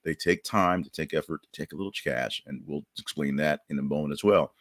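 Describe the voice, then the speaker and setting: A man's voice: a bass voice, fairly quick, fairly bright tone, no echo, studio quality. A man hosting a podcast, chatting loosely through news stories and an ad read with many fillers and restarts. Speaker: podcast host. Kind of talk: casual news chat with ad reads.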